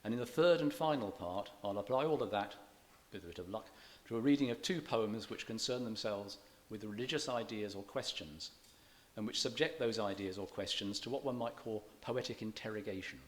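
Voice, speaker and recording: A man giving a public lecture on reading poetry. He explains in a measured way, with dry self-deprecating humour. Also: on the low side. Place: church event.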